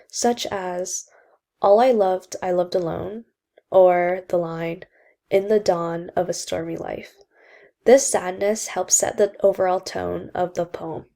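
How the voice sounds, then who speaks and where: A woman's voice: mid-range voice, warm tone. A young woman giving a school presentation on a poem, reading carefully from notes with occasional fillers. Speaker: student presenter.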